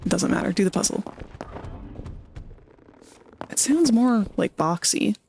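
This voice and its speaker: A woman's voice: medium pitch, lively intonation, unhurried, gravelly, darkish tone, slight background noise. A woman from Maryland chatting casually on a livestream while playing a game, rambling through stories with self-deprecating asides. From Maryland, United States. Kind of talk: casual chat while gaming.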